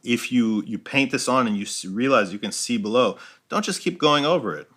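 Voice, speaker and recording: A man walks through a painting lesson as he works, describing each brushstroke. His voice is bright and forceful at a middle pitch. He often ends a point with a quick "right?". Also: lively intonation. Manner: explains while painting, checks in with frequent "right?". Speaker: art instructor. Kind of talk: step-by-step painting tutorial.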